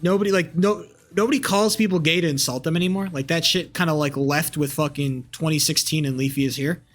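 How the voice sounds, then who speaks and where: A man's voice: fairly high pitch, a little fast, soft background music. A young man streaming live, rambling casually with crude language and lots of fillers and restarts.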